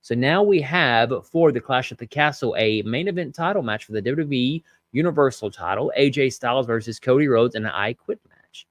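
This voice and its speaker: A man's voice: mid-range voice, animated, brisk, no echo. Guy doing a casual wrestling recap podcast, rambly w lots of ums, dry close mic. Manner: chatty, many fillers, reads out viewer comments. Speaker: podcast host reviewing wrestling.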